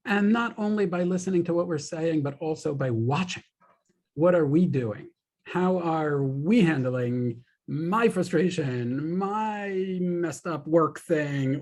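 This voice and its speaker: Host on a video call, mid pitch voice, rambles through long questions thinking out loud. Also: a little slow. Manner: rambling, thinks aloud with fillers and asides. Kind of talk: conversational interview questions.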